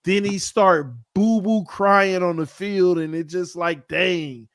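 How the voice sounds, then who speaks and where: A man's voice: high voice, steady tone, slow pace, a bit bright, no echo, clean studio sound. A man co-hosting a podcast, chatting casually about football in a laid-back, rambling way, often trailing off with "man". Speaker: podcast co-host. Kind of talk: casual sports chat.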